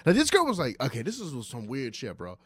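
A man's voice: medium pitch, wildly swooping pitch, fairly quick, slightly rough, dry recording. A young adult man, a comedian co-hosting a podcast, bantering in a slangy, playful way.

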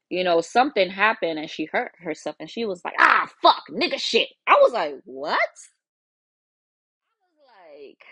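A woman podcaster from Africa tells a story in a casual, blunt and profane way. Her pitch swings up and down a great deal as she talks. The sound is dry and close to the mic, with no room echo. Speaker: podcast host.

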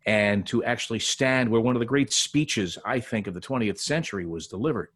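A longtime broadcaster, now older, digresses through anecdotes as a podcast guest, often starting over and breaking into laughter. He speaks in a mid-range, slightly bright voice at a little faster than normal pace.

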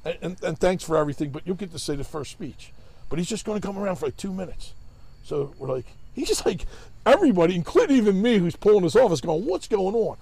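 A man's voice: a little high, lively intonation, fast talker, gravelly, mellow. A man, telling a long, rambling, profane story in casual chat and acting out other people's voices.

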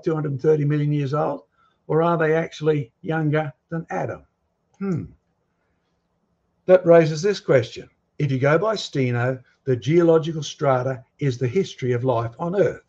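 A man lectures from the front with a husky, slightly rough voice, firing rhetorical questions and challenges at his listeners. His delivery is emphatic and insistent. The recording sounds dull and lo-fi, with the top end rolled off. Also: on the high side, normal speed, a little mellow. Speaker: guest speaker on creation and fossils. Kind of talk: lecture with slides and audience questions.

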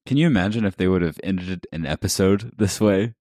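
A man's voice: sits low, brisk, mellow, dry recording, clean studio sound. A man co-hosting a casual book podcast, making wry asides. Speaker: podcast co-host.

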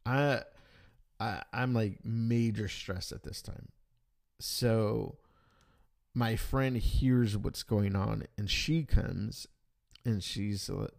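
A man casually retelling a tense travel story in a rambling, animated way, acting out the dialogue. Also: on the low side, creaky.

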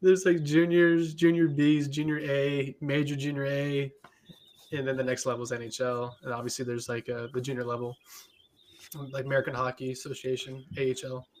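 A man's voice: medium pitch, flat delivery, normal speed. A man co-hosting a sports podcast, explaining things in a laid-back casual chat with many fillers. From Spokane area, Washington. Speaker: podcast co-host.

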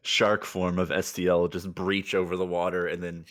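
A man's voice: low voice, little pitch movement, moderate pace, a bit bright, no room sound, clean studio sound. A man narrating as game master of a tabletop game, casual and often laughing.

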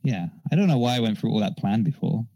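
Low-voiced relaxed player. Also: male voice, fast talker, crowd noise, low-quality recording. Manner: relaxed, joking. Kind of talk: casual tabletop chat.

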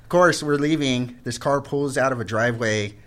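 A man's voice: mid-range voice, normal speed, fairly bright tone. A man guesting on a podcast, making wry quips in casual chat.

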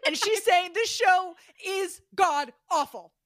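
A woman's voice: extremely high pitch, slow pace, fairly bright tone, no echo, studio quality. A woman co-hosting a podcast, recapping a TV episode in a profane, riffing, casual comedic chat. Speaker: podcast co-host.

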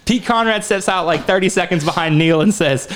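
Excitable, cursing man with a raised voice. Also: high-pitched, fairly quick, slight background noise. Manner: rambling, profane, gets loud and excited. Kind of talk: casual chat.

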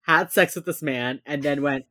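A woman's voice: low-pitched, normal speed, fairly bright tone, no room sound. A woman co-hosting a casual chat, retelling scenes with lots of energy, acting out lines and laughing often. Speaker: podcast co-host recapping a TV episode.

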